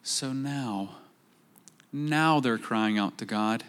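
A man preaching a sermon, jumping up in pitch to act out quoted voices and dropping to slow, quiet emphasis on key points. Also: clear, resonant tone. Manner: animated, acts out quoted voices with rising pitch. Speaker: pastor.

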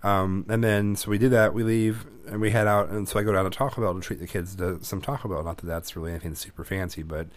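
A man's voice: fairly low pitch, steady tone, fast, few pauses. A young man co-hosting a casual chat, telling rambling, sweary stories. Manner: rambling storytelling, swears freely. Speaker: podcast co-host.

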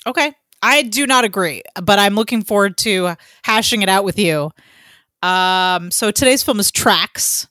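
A woman's voice: mid-range voice, lively intonation, unhurried, bright, forceful tone, dry recording, studio quality. A woman co-hosting a casual podcast, chatty and loose, with lots of ums and the odd swear word. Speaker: podcast co-host. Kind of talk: casual chat.

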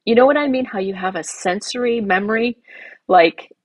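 A woman's voice: mid-range voice, normal speed, no room sound. A woman, a garden designer and podcast guest, telling an emotional personal story with many asides.

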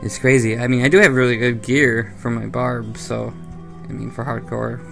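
Young male co-host, gravelly, mid-pitched, chatty and rambling, soft music underneath. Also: flat delivery, moderate pace. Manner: laughs often, rambling with fillers. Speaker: podcast co-host. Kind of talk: casual gaming podcast chat.

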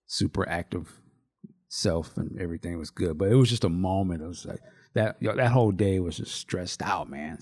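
A man's voice: low-pitched, a little mellow. A man in his thirties, a podcast co-host, telling a story in loose, rambling casual chat.

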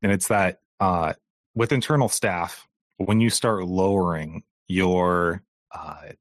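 A man co-hosting a podcast, asking questions in a measured, deliberate way. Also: low voice, dry recording, clean studio sound. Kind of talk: podcast interview.

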